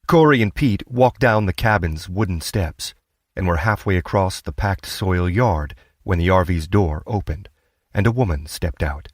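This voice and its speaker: A man reading an audiobook as narrator, steady and measured. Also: low voice, dry recording, studio quality. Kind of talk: scripted narration.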